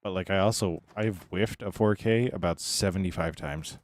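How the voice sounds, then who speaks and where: A man streaming live, chatting casually and greeting viewers by name, tired and relaxed. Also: low-pitched, normal speed, slight background noise.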